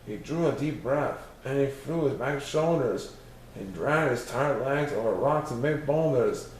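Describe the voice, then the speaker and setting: A man's voice: mid-range voice, animated, a little slow, a little hiss or hum. A man reading a rhyming storybook aloud in a sing-song way. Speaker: storybook reader. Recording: very echoey room.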